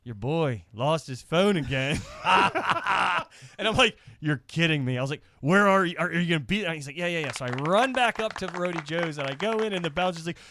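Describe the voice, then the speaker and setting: A man's voice: sits high, fast talker, slight background noise. A man hosting a comedy podcast, telling a story in casual chat and acting out the other people in it. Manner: animated storyteller, acts out voices in quotes. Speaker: podcast host.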